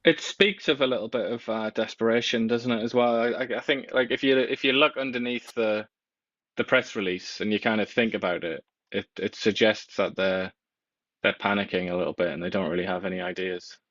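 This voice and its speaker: A man's voice: fairly low pitch, fairly even intonation, a little fast, a bit bright, no echo. A man co-hosting a casual political chat, giving blunt and dismissive opinions. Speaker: co-host. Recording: dull, dry lo-fi sound.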